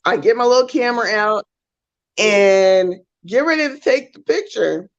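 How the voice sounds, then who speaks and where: A woman co-hosting a talk show, telling a story in a casual, animated way and acting out the voices. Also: medium pitch, normal speed, dry recording, muffled recording. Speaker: co-host.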